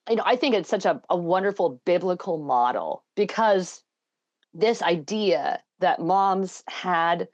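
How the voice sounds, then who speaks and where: Low-voiced woman on a dull, lo-fi line. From Scotland. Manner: earnest, thoughtful, wandering sentences. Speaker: podcast guest, engineer and math educator. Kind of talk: casual interview chat. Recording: dull lo-fi sound.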